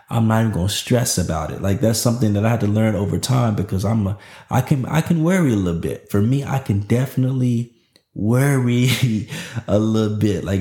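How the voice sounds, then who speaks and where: A man in his thirties hosts a motivational podcast in a low, gravelly voice with a dark, mellow tone. He talks in a lively, preachy way, full of slang. The sound has a noticeable echo of the room around him. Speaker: podcast host.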